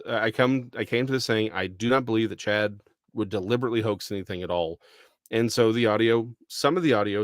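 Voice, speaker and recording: A man's voice: medium pitch, fairly bright tone, no echo, clean studio sound. Thoughtful, rambling man from Texas. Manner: thoughtful, rambling, full of restarts. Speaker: podcast co-host. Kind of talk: casual discussion.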